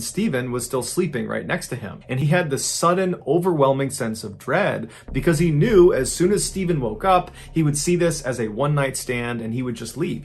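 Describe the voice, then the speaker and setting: A man tells a true crime story in a relaxed, conversational way, as if talking to a friend. His voice sits at an ordinary middle pitch, and he links events with plain spoken fillers.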